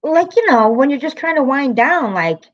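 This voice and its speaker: A woman's voice: high voice, very animated, moderate pace, lo-fi sound. A woman hosting her own livestream in casual chat, rambling, laughing often and swearing freely. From American city. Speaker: livestream host.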